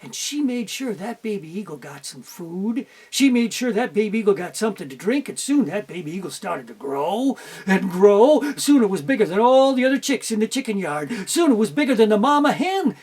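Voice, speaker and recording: Animated husky male storyteller. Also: high voice, normal speed. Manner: animated, folksy, makes sound effects. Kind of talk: oral storytelling.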